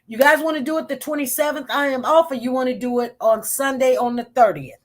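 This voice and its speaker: A woman's voice: sits high, brisk. Chatty woman hosting a live stream. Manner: chatty, emphatic storytelling with acted-out quotes. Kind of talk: casual live stream chat with viewers.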